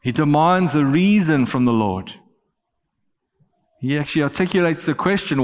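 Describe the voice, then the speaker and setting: A man preaching a sermon, earnest, growing animated as he quotes scripture. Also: fairly high pitch, normal speed, long reverb tail. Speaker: pastor.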